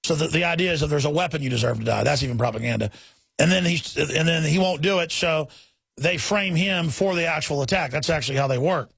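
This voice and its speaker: A man's voice: on the high side, creaky, slightly rough, no echo. A man hosting a talk radio show, ranting indignantly and stumbling over repeated words as he argues. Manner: forceful, indignant, repeats words in rapid restarts. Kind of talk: heated talk radio monologue.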